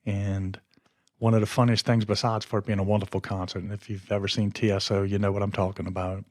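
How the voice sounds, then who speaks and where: A man's voice: on the low side, little pitch movement, fast, no room sound, studio quality. A man hosting his podcast, telling a story in a rambling, conversational way. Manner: rambling and conversational, often losing his train of thought. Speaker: podcast host. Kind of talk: casual storytelling monologue.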